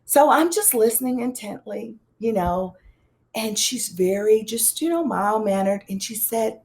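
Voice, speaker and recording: Woman guest telling her story, some vocal fry, animated, acts out the dialogue, jokey about herself. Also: unhurried. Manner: animated, acts out quoted dialogue with big pitch swings; conversational, self-deprecating humor. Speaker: guest, psychologist and pastor. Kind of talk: personal storytelling in an interview.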